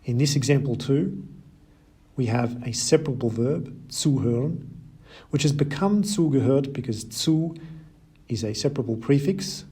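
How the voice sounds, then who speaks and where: A man teaching a German grammar lesson, explaining slowly and deliberately with German example words. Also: medium pitch, dark tone, breathy edge. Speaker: language teacher. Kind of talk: scripted lesson narration.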